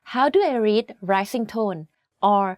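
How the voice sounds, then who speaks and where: A woman whose first language is Thai, giving a scripted language lesson with clear, patient explanations and slow model pronunciations. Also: medium pitch, a little mellow, no room sound, clean studio sound.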